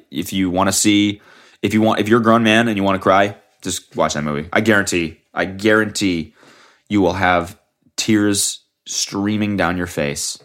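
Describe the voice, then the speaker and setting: Sick but still recording, a young solo podcast host drifts through profane, casual rambling, often breaking off mid-thought and starting over. His voice is low with a slightly bright tone.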